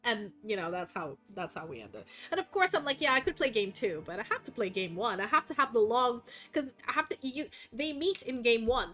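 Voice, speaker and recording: A woman streamer, a native Russian speaker with a Russian accent, chats casually while she plays. Her voice is fairly high and a bit bright, and she rambles and swears freely.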